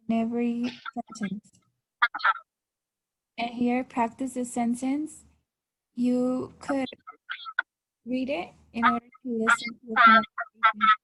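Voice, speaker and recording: A young woman with a slightly high, husky voice gives a class presentation, her delivery pushed and bright. She walks through the material step by step, often breaking off and restarting sentences.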